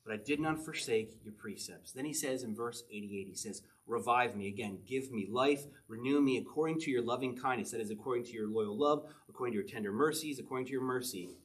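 A middle-aged man, a pastor, preaching a conversational sermon and often checking in with his listeners with a quick "okay?". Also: medium pitch. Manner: conversational, chatty preaching with frequent "okay?" asides.

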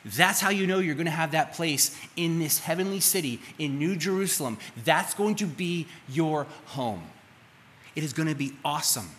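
In a church sanctuary, a male pastor delivers a sermon in a casual manner, posing questions to his congregation. His fairly high voice moves at a normal speed with a slightly bright quality, captured with live hall reverb and faint room noise.

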